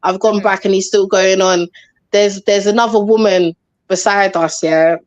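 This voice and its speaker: A woman telling a story on a live panel, animated and chatty, acting out what people said. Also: medium pitch, normal speed, no room sound. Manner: animated, acts out quotes, chatty slang. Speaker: panel guest.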